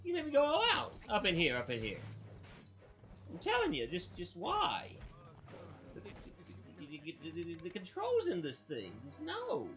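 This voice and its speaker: A man hosting a let's play, giving excitable commentary that stammers and bursts into frustrated yelling. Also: sits high, measured pace. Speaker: gaming channel host. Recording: dull lo-fi sound with game music. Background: game music.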